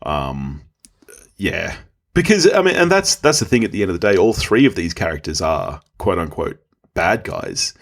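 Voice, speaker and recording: A man's voice: deep voice, very animated, moderate pace, gravelly. A man talking as a guest on a podcast in casual chat, easygoing and frank with his opinions.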